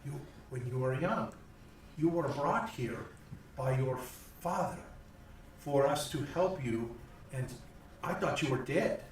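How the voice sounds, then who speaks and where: A man voicing a kindly older male village priest, gentle, earnest and halting. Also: medium pitch, expressive, a little hiss or hum. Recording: echoey room from far off.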